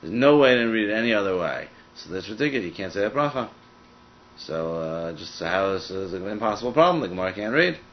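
A man leads a Talmud study group at a brisk clip, working through the text aloud with frequent "I mean" asides. The recording is dull and lo-fi, with a muffled top end. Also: fairly low pitch, very animated, a little hiss or hum. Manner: fast, thinking aloud with many "I mean" asides. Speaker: Talmud teacher. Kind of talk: casual study-group teaching.

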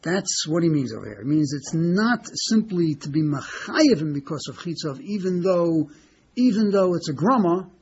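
A man with a slightly high voice gives a Talmud class lecture, stopping and restarting, repeating words and asking "okay?" to keep his listeners with him. The recording is dull and lo-fi, with a faint hiss underneath. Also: lively intonation, moderate pace, a little mellow. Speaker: Talmud teacher.

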